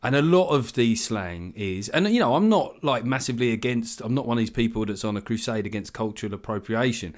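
A man's voice: mid-range voice, animated, brisk, few pauses. A man, ranting in an opinionated, exasperated way during a casual chat. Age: 40s.

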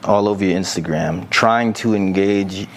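Blunt, animated male podcast host. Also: low voice, moderate pace, slight background noise. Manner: blunt, animated, swears freely, gives frank advice. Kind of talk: casual podcast chat, reading listener messages.

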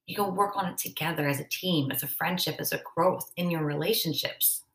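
Her voice sits low yet sounds a bit bright, and she speaks a little quickly. As host of a self-help podcast, she keeps things conversational and acts out short quoted conversations. The recording has an echoey room sound.

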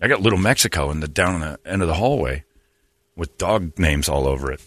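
A man in his fifties with a lowish but very animated voice, telling rambling, self-mocking stories in a casual comedic chat. His tone is bright, and the sound is close and dry, with a faint crowd murmuring behind him. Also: fairly quick, dry recording. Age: 50s.

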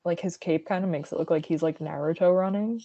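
Podcast co-host, young woman, low fry-laced voice, dry close sound, dull lo-fi audio. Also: brisk, dry recording. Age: young adult. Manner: relaxed, lots of "like" and "um". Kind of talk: casual chat.

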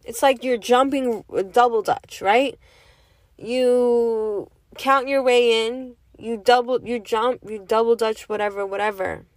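A woman's voice: a little high, steady tone, slow, dry recording. A woman giving a casual, emphatic monologue, firing off rhetorical questions and now and then cursing. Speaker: vlogger giving opinions.

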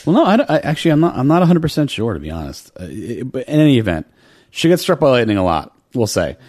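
A man's voice: medium pitch, sing-song, quick pace, darkish tone, dry recording, studio quality. A man co-hosting a casual podcast, reading out a story with many fillers and restarts. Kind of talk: casual chat.

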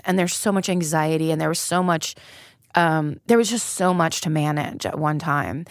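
A woman's voice: lowish voice, no echo. Frank, profane woman comedian, dry sound. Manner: frank and profane, laughing through grim stories. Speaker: comedian guest. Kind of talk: candid conversational storytelling.

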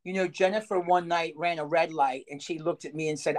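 Excitable woman podcast host. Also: sits low. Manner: excitable, quick interjections. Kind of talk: casual chat.

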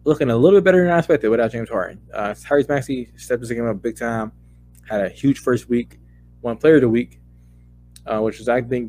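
A man co-hosting a casual sports podcast, heated and profane, his voice climbing into loud rants. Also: mid-range voice, a little hiss or hum. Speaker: podcast co-host.

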